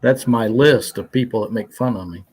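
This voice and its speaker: A man's voice: mid-range voice, normal speed, a loud crowd. Joking man in casual chat. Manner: joking, storytelling.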